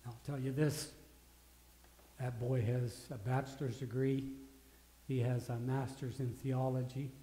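A man preaching a sermon as pastor, earnest, swinging between loud rises and hushed drops. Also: medium pitch, little pitch movement, measured pace, long pauses. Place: church sanctuary. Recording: echoey church hall.

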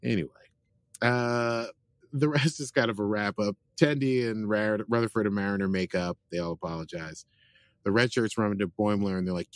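Low-voiced man casually recapping an episode. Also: moderate pace, dry recording. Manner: rambling, chatty retelling with frequent fillers. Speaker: podcast host.

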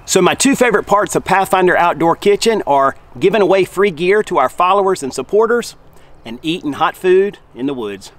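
A middle-aged man, hosting an outdoor camp cooking vlog in the woods, folksy and relaxed, talking while he eats. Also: high-pitched, fairly quick. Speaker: host of a camp cooking show.

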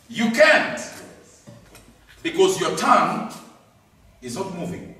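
A man preaching a sermon, emphatic, repeating key words and swinging between loud and soft. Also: sits high, sing-song, takes it slowly, pauses often. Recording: echoey hall, distant mic.

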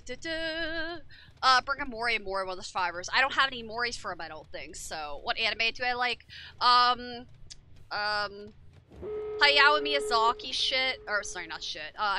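A woman's voice: mid-range voice, pushed and bright. A young woman streaming a horror game, talking to her chat with frequent swearing and frustration. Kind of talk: casual game commentary.

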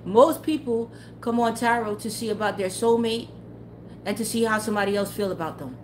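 Speaking a little fast in a medium pitch, with slight background noise, a woman who streams tarot readings rants casually to her chat. She's blunt, profane and heated, and laughs often.

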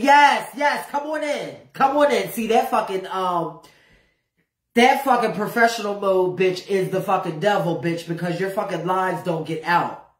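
A brash woman livestreams an unscripted rant in a high voice, drawing out her words at an unhurried pace. She swears freely and keeps hammering the same phrases for emphasis. The sound carries an echoey room around her. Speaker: live streamer.

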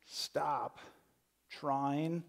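Man preaching, conversational and higher-pitched. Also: fairly even intonation, extremely slow, vocal fry. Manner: conversational preaching, repeats words when starting phrases. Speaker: pastor. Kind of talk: sermon.

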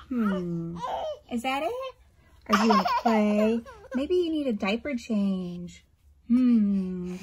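A woman doing a bright, cheerful cartoon dog mum, high and lively, swooping up and down in a bubbly sing-song. She talks slowly and sweetly, as if to little viewers during toy play, with music playing under her. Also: exaggerated voice. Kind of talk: pretend play with toys.

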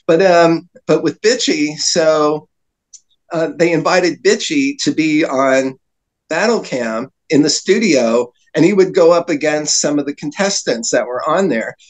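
A man's voice: a little high, animated, measured pace, rough recording. A man telling long rambling anecdotes as a podcast guest, with frequent fillers and laughter. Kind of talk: storytelling in casual chat.

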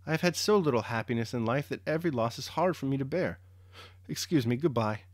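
A man voicing a gentle, sorrowful young noblewoman in a dramatic reading, giving her lines earnest feeling in his own low voice. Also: expressive, fast, no echo, clean studio sound, natural voice. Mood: hurt. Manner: earnest, emotional reading of a female role in the reader's own low voice.

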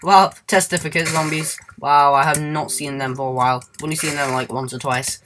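A man chatting through his gameplay in a loose, goofy ramble. He hums little tunes, sings snatches to himself and lets out sudden high squeals. Faint keyboard clicks tick away in the background. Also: steady tone, a little fast, a bit bright, a little hiss or hum. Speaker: let's play gamer. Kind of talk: casual gameplay commentary.

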